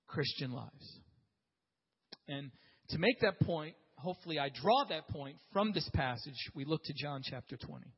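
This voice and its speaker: In a reverberant hall with dull audio, a male Bible teacher leads a class conversationally, restarting sentences and making asides to his listeners. His voice is a little high and breathy, with lively intonation at a normal speed.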